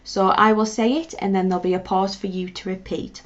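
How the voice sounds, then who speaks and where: A woman's voice: medium pitch, fairly even intonation, brisk. A woman teaching a beginner language lesson, encouraging, spelling words out and leading repeat-after-me drills. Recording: dull lo-fi sound.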